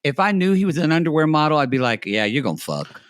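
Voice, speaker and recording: A man's voice: on the high side, big pitch swings, quick pace, fairly bright tone, clear, resonant tone. A man co-hosting a podcast, giving blunt, profane opinions in casual chat about a reality show. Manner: blunt, opinionated, cursing freely. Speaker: podcast co-host.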